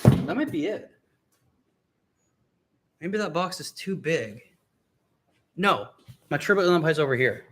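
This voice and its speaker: A man's voice: fairly high pitch, animated, unhurried, pauses often, very noisy. A young adult man hosting a casual livestream from home and his garage, rambling in an easygoing way to viewers and his pets while walking around with a handheld phone or camera. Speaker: car vlogger hosting a livestream.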